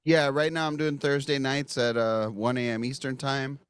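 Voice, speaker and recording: Podcast guest, man with a smooth, resonant voice, casual and uncertain. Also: mid-range voice, level tone, moderate pace. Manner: unsure, hedging. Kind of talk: casual chat.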